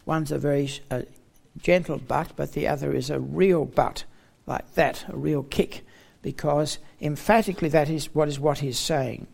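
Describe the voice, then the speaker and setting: A man's voice: fairly high pitch, unhurried, creaky, darkish tone. A man preaching a Bible teaching sermon in an expository manner, stressing key words with emphatic rising tones.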